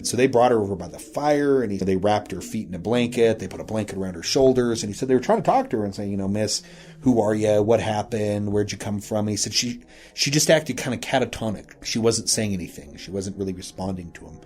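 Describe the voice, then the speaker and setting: Low-voiced man telling a ghost story casually. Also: animated, fast, a little mellow. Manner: rambling, retells with frequent "he said" and "you know". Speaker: guest recounting a local ghost story.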